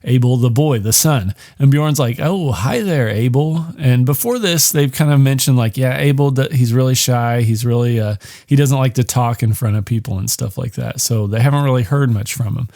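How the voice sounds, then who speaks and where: A man's voice: medium pitch, brisk, hardly any pauses, warm tone, no echo, clean studio sound. A man hosting a podcast, casually recapping a film in a rambling, profane way with lots of fillers. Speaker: podcast host.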